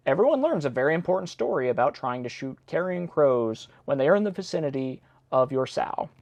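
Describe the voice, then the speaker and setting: A man's voice: mid-range voice, no room sound, dull audio. A man hosting a read-along, reading old nursery rhymes aloud and breaking off with chatty, self-deprecating asides. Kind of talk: casual read-along with commentary.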